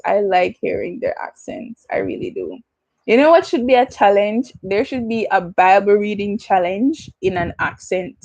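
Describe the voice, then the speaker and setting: A woman's voice: mid-range voice, big pitch swings, normal speed, vocal fry, darkish tone, poor audio. Playful Jamaican woman laughing through a livestream. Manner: playful, laughs often, self-mocking. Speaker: Christian YouTuber. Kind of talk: casual livestream Q&A.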